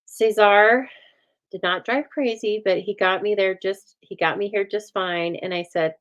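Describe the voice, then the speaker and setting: A woman hosting a stamping craft show, chatting casually and telling a lively story while she works, acting out the other people's lines as she goes. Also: mid-range voice, unhurried, dull audio. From United States. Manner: chatty, animated storytelling with voiced quotes and laughs.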